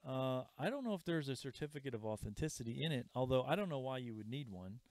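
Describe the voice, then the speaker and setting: Man, chatty sale host, mid-pitched voice, dry close sound. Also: expressive, fast, a little mellow, no room sound. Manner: chatty, pitching items with asides. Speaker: comic shop live sale host. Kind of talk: casual live sale patter. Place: comic store. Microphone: livestream camera mic.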